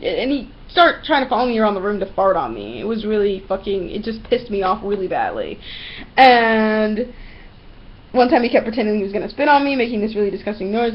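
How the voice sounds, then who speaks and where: A young woman vlogging at home, ranting bluntly and profanely about everyday pet peeves in a casual, animated storytelling manner. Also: mid-range voice, brisk, lo-fi sound. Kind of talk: casual ranting monologue to camera.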